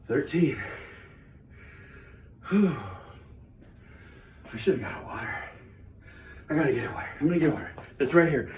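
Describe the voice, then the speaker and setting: A man's voice: on the high side, animated, normal speed, long pauses, recorded from a distance, a little hiss or hum. A man hosting his own channel, chatting casually and rambling while out of breath from exercise. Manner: chatty, rambling, self-mocking. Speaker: channel host. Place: home studio. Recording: echoey room, away from the mic.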